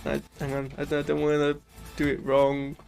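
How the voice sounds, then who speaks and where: A man's voice: on the high side, completely flat delivery, moderate pace, creaky, darkish tone, faint music behind. A man hosting a casual post-watch reaction, rambling loosely with lots of fillers and restarts while he is ill. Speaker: channel host reviewing a show.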